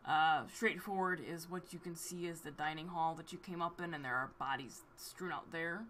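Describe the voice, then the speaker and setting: A woman narrating a tabletop game as game master, relaxed and hesitant with fillers. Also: sits low, moderate pace.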